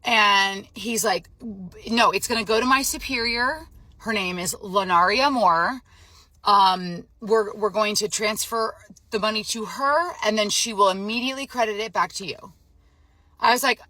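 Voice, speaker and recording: A woman's voice: mid-range voice, unhurried, pushed and bright, dry recording. A young adult woman, emotionally drained, telling to camera how she was scammed, in a frazzled, upset way. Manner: frazzled, emotional, retelling a phone scam with quoted dialogue. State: emotionally drained, near tears. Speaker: vlogger. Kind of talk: casual storytelling to camera.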